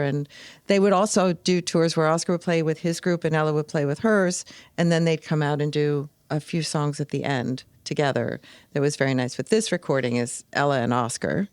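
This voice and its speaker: Low-voiced older woman telling stories. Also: moderate pace, smooth, no room sound. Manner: animated storyteller, acts out quoted voices. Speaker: podcast guest. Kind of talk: storytelling in casual conversation.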